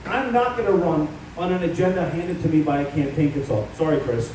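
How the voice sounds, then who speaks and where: In an echoey event hall, recorded from a distance, a middle-aged man running for office gives a combative campaign speech full of stories about himself. He speaks slightly high, slightly fast, and with a somewhat mellow quality. There's a little background noise.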